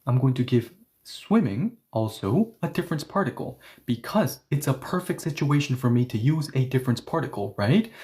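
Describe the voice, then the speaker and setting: A man's voice: medium pitch, a little mellow. A man teaching a grammar lesson, explaining each step and asking questions that he then answers himself. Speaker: Korean language teacher.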